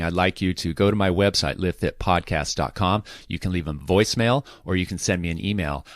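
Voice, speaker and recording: A man's voice: low voice, no echo, studio quality. A man hosting his own podcast, talking directly to listeners and reading out their messages. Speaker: podcast host. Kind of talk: solo podcast talk.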